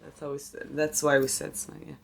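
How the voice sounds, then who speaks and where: A woman's voice: deep voice, monotone, a little fast, vocal fry. A woman co-hosting a podcast who talks about a movie with enthusiasm, uses non-native phrasing and sometimes searches for words. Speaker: podcast co-host. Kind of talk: casual movie recap chat.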